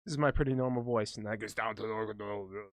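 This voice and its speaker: A man co-hosting a podcast in casual chat, rambling and jokey with plenty of swearing, whose voice he calls high for a big guy. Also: fairly quick, no echo, clean studio sound. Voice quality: high voice for a big man, says smoking affected it. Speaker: podcast co-host.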